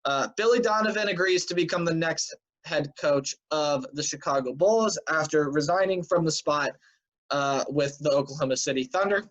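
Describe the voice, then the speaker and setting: A man's voice: fairly high pitch, moderate pace, fairly bright tone. A man hosting a casual weekly sports news recap who sounds tired and fills his talk with "um" and "uh". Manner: chatty, filler-heavy, offhand predictions. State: tired and yawning. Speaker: sports show host. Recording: dull lo-fi home recording.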